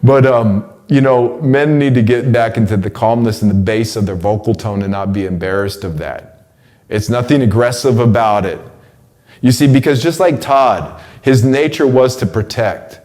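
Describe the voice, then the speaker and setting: Slangy man in his forties, rising when excited. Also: medium pitch, moderate pace. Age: 40s. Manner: slangy, repeats words, voice rises when excited. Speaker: host delivering a weekly message. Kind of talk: casual spoken monologue.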